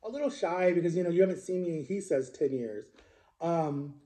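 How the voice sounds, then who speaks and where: Rambling man telling a story, mellow tone. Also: a little high, normal speed. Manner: rambling, conversational, lots of fillers and restarts. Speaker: social media creator. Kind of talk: casual storytime monologue.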